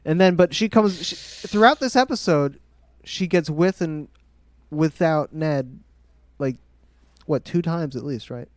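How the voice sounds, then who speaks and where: Male podcast co-host, higher pitch, dry close sound; relaxed, wry recap chat. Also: a little slow, no echo. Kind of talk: casual chat recapping a TV episode.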